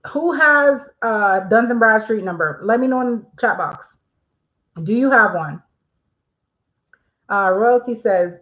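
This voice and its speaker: Woman host, casual livestream explainer, chatty, mid pitch, slightly muffled lo-fi audio. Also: fairly bright tone. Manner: chatty, reads viewer questions aloud, frequent fillers.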